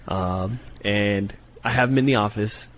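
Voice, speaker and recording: A man, a Marine gunnery sergeant and former recruiter, telling stories on a podcast in a profane, animated way that keeps checking in with "right?". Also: lowish voice, a little slow, a little hiss or hum. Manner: profane, animated storyteller, peppers talk with "right?". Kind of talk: casual podcast storytelling.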